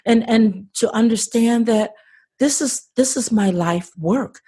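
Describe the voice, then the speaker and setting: A woman's voice: on the high side, a little slow, warm tone, slightly rough. An older woman, a podcast guest, telling her story with passion and frequent restarts over a remote call. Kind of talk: conversational interview.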